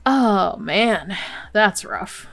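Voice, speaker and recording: A woman's voice: mid-range voice, animated, drawn-out words, creaky, a bit bright, faint music behind. Chatty woman narrating her gameplay. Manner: chatty, exclamatory, laughs often. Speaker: Let's Play host. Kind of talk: casual gameplay commentary.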